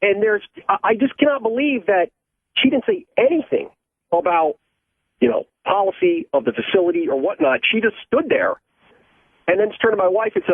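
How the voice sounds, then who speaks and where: Male caller, from Ohio, husky high voice, very lively pitch, agitated, tinny phone line. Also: moderate pace, no room sound. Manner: agitated, profane storytelling. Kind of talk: phoned-in story.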